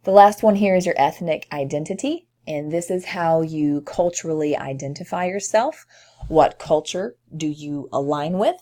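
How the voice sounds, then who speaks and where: A woman teacher with a low-pitched voice and a light Tennessee accent. She talks through a recorded screencast lesson in a relaxed, conversational way, often pausing on an um. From southern United States. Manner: conversational, with frequent ums.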